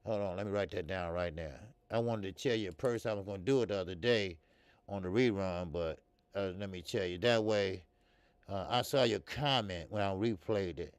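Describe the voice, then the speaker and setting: A man's voice: low-pitched, moderate pace, smooth, no room sound. A middle-aged American man hosting a casual live boxing talk stream, loose and profane, laughing and talking straight to viewers. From American Midwest. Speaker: boxing talk show host. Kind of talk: casual live-stream chat reading comments.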